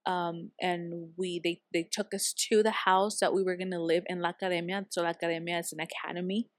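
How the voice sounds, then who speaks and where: A woman guest in a casual conversation, telling stories and acting out the dialogue lively. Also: fairly low pitch, brisk, no echo, studio quality. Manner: lively, acts out quoted dialogue in her stories.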